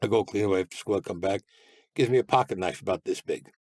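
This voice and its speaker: A man's voice: low-pitched, quick pace, darkish tone, no room sound. An older man, a guest telling blunt, streetwise stories full of profanity. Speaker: interview guest. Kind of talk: casual storytelling.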